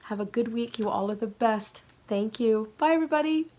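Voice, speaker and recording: A woman hosting a knitting podcast, talking casually to the camera with earnest warmth, many ums and soft laughs, and growing emotional. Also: fairly high pitch, fairly quick, a little hiss or hum.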